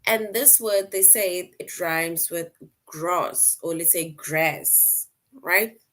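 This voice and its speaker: A woman teacher explaining a lesson slowly, repeating points and checking in with "right?" often. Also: fairly low pitch, fairly bright tone. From outside the US. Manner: slow, repetitive explaining, frequent "right?" check-ins. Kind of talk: online class lesson.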